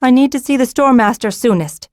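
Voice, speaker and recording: Lady narrator doing a bossy young noble lady, stern, a bit higher and louder. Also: a little fast, no echo, studio quality, natural voice. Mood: brisk. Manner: stern, authoritative. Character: commanding young noblewoman taking charge of a hold.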